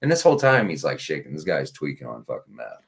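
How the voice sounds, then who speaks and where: A man's voice: very deep voice, wildly swooping pitch, quick pace. A man on a casual streamed talk show, telling a rambling story about his tow truck job, swearing and packing his talk with fillers. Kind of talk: casual podcast chat.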